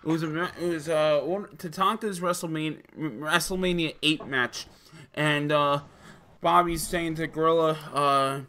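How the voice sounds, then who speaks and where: Guy on a podcast, kinda high bright voice, laughs a lot, loose and sweary. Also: fairly even intonation, normal speed. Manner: laughs often, swears, trails off. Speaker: podcast co-host. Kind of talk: casual wrestling chat.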